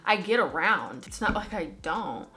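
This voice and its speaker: A woman's voice: lowish voice, big pitch swings, normal speed, pushed and bright. A young woman talking casually and candidly while doing her hair at home, rambling with slangy asides. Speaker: beauty vlogger. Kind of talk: casual chatty vlog.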